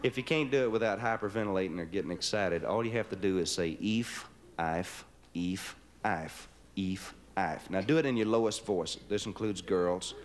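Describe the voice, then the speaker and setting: Man, show host, folksy joking patter, lowish voice, noisy old broadcast. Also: fast talker, few pauses. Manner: joking, down-home, leads crowd in chants. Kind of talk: folksy stage patter with audience. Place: TV studio stage with live audience. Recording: noisy 1970s live TV broadcast. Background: studio audience laughing.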